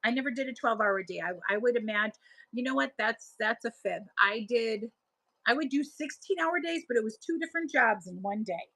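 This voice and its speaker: Bright chatty woman hosting a live stream. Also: a little high, animated, brisk, low-quality recording. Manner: chatty, laughs often, answers chat comments. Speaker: live-selling stream host. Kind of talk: casual chat with live chat viewers.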